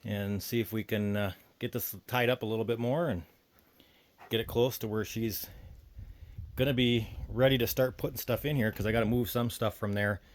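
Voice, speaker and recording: A man's voice: lowish voice, steady tone, normal speed. A man hosting a homestead video, a little winded, walking through a half-built woodshed in a loose, rambling way with lots of fillers. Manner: rambling, thinks aloud with fillers. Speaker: homesteading channel host. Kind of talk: casual DIY walkthrough. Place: woodshed under construction, outdoors.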